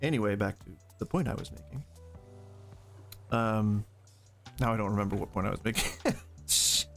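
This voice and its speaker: A man's voice: lowish voice, normal speed, a bit bright, soft background music. A man with a light Southern US twang, chatting casually on a live stream, rambling off on wry tangents into a desk microphone. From Southern United States. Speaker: gaming streamer.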